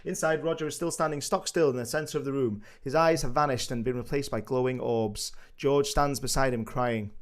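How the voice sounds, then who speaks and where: A man reading the stage directions of a script briskly, bantering and laughing with friends on a video call. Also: medium pitch, fairly even intonation. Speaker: narrator of a live script read.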